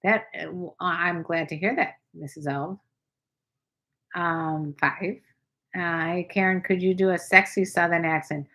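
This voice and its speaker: An older woman with a fairly low voice chats frankly on her livestream. She reads viewer comments aloud and answers them in a playful, offhand way. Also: steady tone, unhurried, sharp tone, low-quality recording. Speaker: livestream host. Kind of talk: casual livestream chat reading viewer comments.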